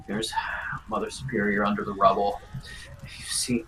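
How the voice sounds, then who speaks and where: A man as game master, narrating a tabletop role-playing scene in a grave, unhurried second-person storytelling manner. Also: lowish voice, big pitch swings, fairly bright tone, slight background noise, rough recording.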